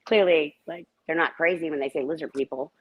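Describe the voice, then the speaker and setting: A woman calling in to a live chat show, quick and emphatic, firm in her opinions. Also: low-pitched, fairly even intonation. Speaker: caller. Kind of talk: casual call-in chat.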